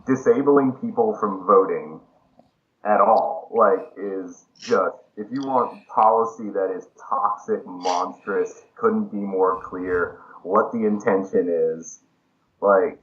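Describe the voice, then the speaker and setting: A man's voice: low voice, takes it slowly. A man co-hosting a podcast in casual chat, searching for words and leaning on "like" as he builds his point. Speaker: podcast co-host. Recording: dull lo-fi sound.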